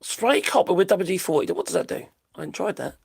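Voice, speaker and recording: Middle-aged British streamer, blunt and sweary, rambles; high-pitched with a gravelly edge. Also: male voice, lively intonation, fast. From Britain. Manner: blunt, sweary, rambling, laughs at own jokes. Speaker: live stream host. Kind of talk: casual live-stream commentary.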